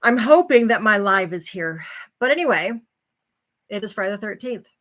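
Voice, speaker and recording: A woman's voice: medium pitch, expressive, moderate pace, fairly bright tone. A tired middle-aged woman hosting a late live stream about her self-help book, rambling and apologetic as she yawns. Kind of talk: casual live-stream talk.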